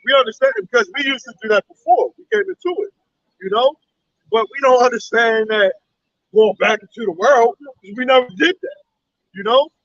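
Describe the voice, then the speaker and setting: A man's voice: extremely high pitch, animated, fairly quick, fairly bright tone, dry recording. A man in a casual group conversation, speaking earnestly and repeating words. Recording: dull lo-fi audio.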